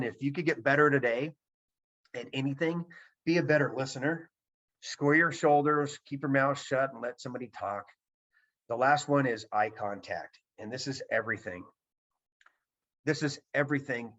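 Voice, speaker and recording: A presenter speaks to a virtual seminar audience through a video call, his mid-range voice fairly bright. He's emphatic and repeats the key points, and the recording has a dull, lo-fi quality.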